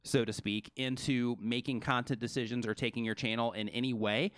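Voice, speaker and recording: Fast-talking male live-stream co-host. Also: mid-range voice, clean tone, no echo. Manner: fast, energetic, filler-heavy.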